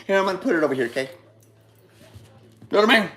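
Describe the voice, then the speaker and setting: A man's voice: sits high, animated, rapid-fire, pushed and bright. A man giving a casual motivational talk, rambling and repeating himself, swearing now and then and calling listeners brother. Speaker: speaker giving a monologue on love.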